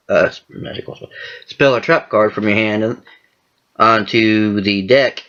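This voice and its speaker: A man with a lowish voice rants about a card game, swearing freely and sounding fed up. The recording is dull and lo-fi, with a muffled home-video sound. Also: fairly bright tone. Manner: ranting, profane, exasperated. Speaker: card game channel host. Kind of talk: casual vlog commentary.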